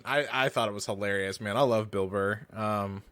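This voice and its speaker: A man's voice: on the low side, normal speed, clean tone, dry recording. Chatty guy co-hosting a gaming podcast, laughs a lot, trips over words, dry close mic. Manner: animated, laughs often, many restarts and fillers. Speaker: podcast co-host. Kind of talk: casual chat.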